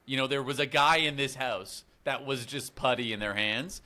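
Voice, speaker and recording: Male podcast co-host with a bright, forceful voice, blunt and casual, swears freely. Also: mid-range voice, normal speed. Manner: blunt, swears, repeats words. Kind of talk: casual recap chat.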